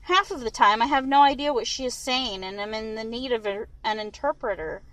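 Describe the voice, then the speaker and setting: A woman reading a first-person novel aloud in an expressive, lively way. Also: on the high side, brisk, rough recording. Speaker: audiobook reader.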